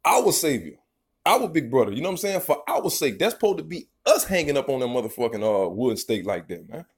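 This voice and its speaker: Brisk and very animated, a street preacher with a medium-pitched voice gives a loose, profane sermon. After reading scripture verses he rambles emphatically about them, repeatedly tacking "man" onto his lines.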